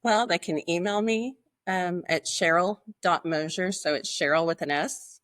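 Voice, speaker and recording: A woman's voice: lowish voice, unhurried, fairly bright tone, no echo, studio quality. A woman guest on a podcast interview, speaking sincerely and with a faith-centered outlook. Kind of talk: casual interview talk.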